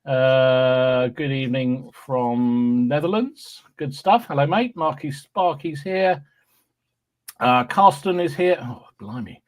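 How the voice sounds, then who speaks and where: A man's voice: medium pitch, slow. A man hosting a podcast, cheerfully reading out live chat greetings with frequent ums and restarts. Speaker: podcast host.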